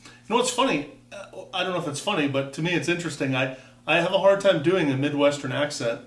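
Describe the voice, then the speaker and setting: Fast and on the high side, this man's voice is caught from afar in an echoey room. He's a vlogger in his fifties from Wisconsin, meandering through a casual story about himself with dry humor and many false starts.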